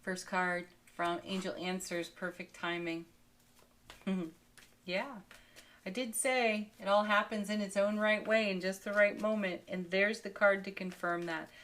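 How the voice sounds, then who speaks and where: A woman giving a daily spiritual tarot card reading, soothing and unhurried, with soft laughs between cards. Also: mid-range voice, level tone.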